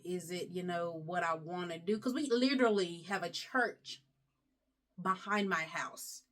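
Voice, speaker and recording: A woman's voice: on the low side, a bit bright. A young woman vlogger chatting casually, talkative and emotional, rambling as she talks. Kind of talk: casual chat.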